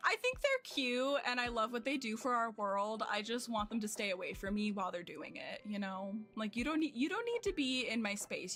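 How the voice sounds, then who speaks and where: Young woman streaming at home, bright chatty voice, rambly and self-deprecating, faint music behind. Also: fairly high pitch. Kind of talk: casual chat with chat while gaming.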